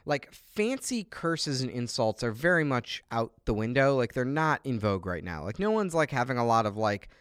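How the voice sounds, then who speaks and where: A man's voice: mid-range voice, big pitch swings, normal speed, hardly any pauses, fairly bright tone, clean tone, dry recording, studio quality. A man co-hosting a podcast in casual chat, rambling with many fillers. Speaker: podcast co-host.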